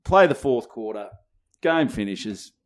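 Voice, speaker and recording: A man's voice: mid-range voice, measured pace. A man in his twenties with an Australian accent, co-hosting a comedy podcast and telling a rowdy story full of swearing and acted-out voices. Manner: animated, swears freely, acts out others' lines. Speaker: podcast co-host.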